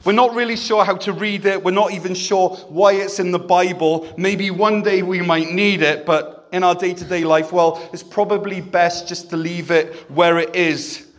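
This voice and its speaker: A man's voice: high-pitched, fairly even intonation, normal speed, few pauses. A man preaching a sermon in a church, conversational and self-deprecating, with humor. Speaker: pastor.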